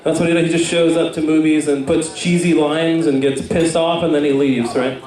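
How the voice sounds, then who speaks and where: A man's voice: on the high side, level tone, brisk, darkish tone. A young man doing a stand-up comedy set, rambling and self-mocking with lots of fillers, recorded far off in an echoey club.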